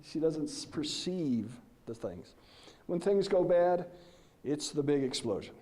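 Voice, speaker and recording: A middle-aged man giving a presentation, telling animated stories and posing questions to the audience. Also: on the high side, unhurried. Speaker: lecturer. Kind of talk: conference presentation.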